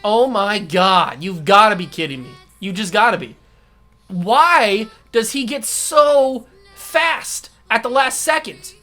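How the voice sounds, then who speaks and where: A man hosting a gaming channel, ranting furiously through live gameplay commentary, swinging from shouts to low mutters. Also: animated, takes it slowly, soft background music.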